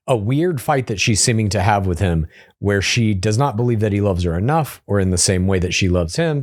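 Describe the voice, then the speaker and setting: A man co-hosting a reality show recap podcast, retelling scenes and acting out quotes in quick, playful voices. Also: on the low side, a little mellow. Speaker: podcast co-host. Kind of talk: casual recap chat.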